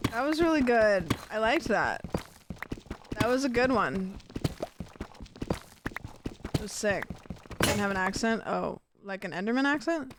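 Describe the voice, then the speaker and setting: A young woman streamer chats through a game in a goofy, joking way, full of rambling asides. Her pitch sits in the middle range for a woman. A constant layer of noise runs under the stream audio. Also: expressive, unhurried, long pauses. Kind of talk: casual gameplay chat.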